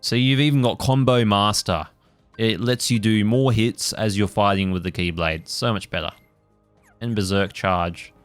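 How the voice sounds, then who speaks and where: A man's voice: fairly low pitch, fairly even intonation, normal speed, dry recording, faint music behind. Casual rambling gaming man. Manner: casual, rambling with many fillers and swearing. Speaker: gaming channel host. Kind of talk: let's play commentary.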